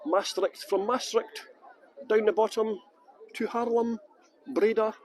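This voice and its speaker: A man's voice: high-pitched, steady tone, takes it slowly, darkish tone, a faint crowd, poor audio. A middle-aged Scottish man guiding a live-streamed tour outdoors, chatting and joking as he greets viewers by name. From Scotland. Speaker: tour guide.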